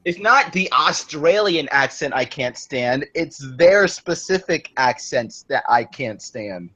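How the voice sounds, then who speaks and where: A man's voice: on the high side, animated, slow pace, bright, forceful tone. A man casually chatting on a group livestream, swearing often and laughing a lot in a jokingly hot-headed way. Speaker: livestream host. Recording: dull lo-fi stream audio.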